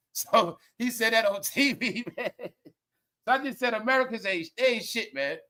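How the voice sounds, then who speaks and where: High bright-voiced man laughing through commentary. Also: moderate pace. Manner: laughs often, slangy, profane, animated storytelling. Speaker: commentary livestream host. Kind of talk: casual commentary.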